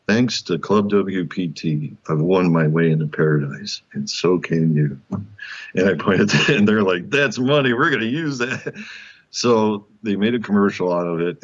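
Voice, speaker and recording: A man, a guest author, telling a personal story in an interview, acting out the quotes and laughing often. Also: low-pitched. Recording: muffled lo-fi sound.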